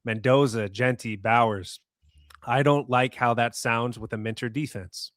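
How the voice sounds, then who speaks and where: Podcast host, relaxed conversational guy, dry close sound. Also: medium pitch, a little slow, no echo. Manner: conversational, reads listener comments. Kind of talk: casual sports podcast chat.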